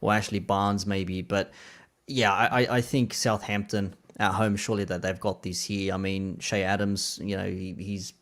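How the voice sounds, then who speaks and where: An Australian man, a guest on a football podcast, thinking aloud in a halting way with frequent restarts. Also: fairly low pitch, flat delivery, fairly bright tone. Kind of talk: casual football podcast chat.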